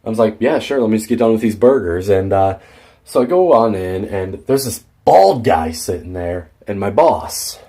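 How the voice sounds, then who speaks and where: A man's voice: fairly low pitch, animated, normal speed, dark tone. Teenage guy ranting through a vlog story. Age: teens. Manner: rambling, fired-up retelling of a workplace feud. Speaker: vlogger.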